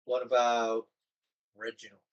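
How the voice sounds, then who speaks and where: A man's voice: medium pitch, monotone, measured pace, muffled recording. A man playing in a tabletop game, rambling and giggling, with lots of fillers. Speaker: player. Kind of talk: casual tabletop game chat.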